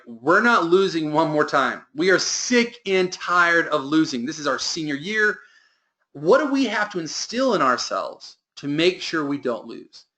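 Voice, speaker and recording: A man's voice: on the high side, bright, forceful tone. A man giving a motivational sales training talk to a team, with emphatic delivery that lifts and drops.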